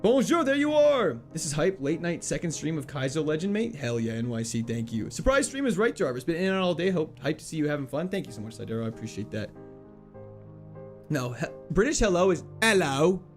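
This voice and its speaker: A man's voice: on the high side, big pitch swings, soft background music. A young man streaming a game, casually reading and answering chat in a playful, joking way. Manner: playful, chatty, quick laughs, jokey mock French.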